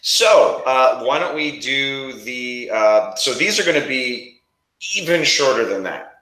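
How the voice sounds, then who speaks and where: A man's voice: medium pitch, lively intonation, slow pace, pushed and bright, roomy sound, rough recording. A man hosting a casual promo chat, talking freely with frequent restarts. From New York area. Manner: chatty, restarts often. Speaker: host.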